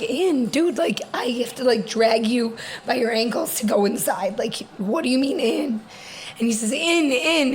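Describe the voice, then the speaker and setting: A young woman co-hosting a podcast with her sister, telling stories in a lively, laughing way. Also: on the high side, slight background noise, poor audio. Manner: animated storytelling, quick laughs. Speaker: podcast co-host. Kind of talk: casual sister chat.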